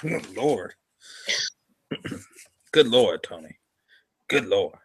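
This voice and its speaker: A man playing in a tabletop game, talking quietly and haltingly, trailing off. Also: lowish voice, very animated, slightly rough. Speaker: player. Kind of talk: casual tabletop play.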